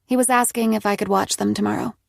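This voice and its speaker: A woman narrator voicing a nervous fifteen-year-old girl, talking in a shaky, pleading way with a slightly raised, gravelly voice. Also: medium pitch, fairly even intonation, fast talker, no echo, studio quality. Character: anxious teenage girl, fifteen.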